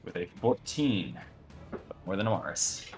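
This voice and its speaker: A man's voice: low-pitched, big pitch swings, unhurried, soft background music. A man narrating a tabletop game as game master, rambling with many fillers and restarts.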